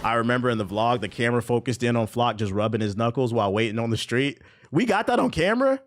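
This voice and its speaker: A man's voice: mid-range voice, flat delivery, fast, slight background noise. A man streaming a game while telling a long story in casual, slangy, profane speech. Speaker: gaming streamer.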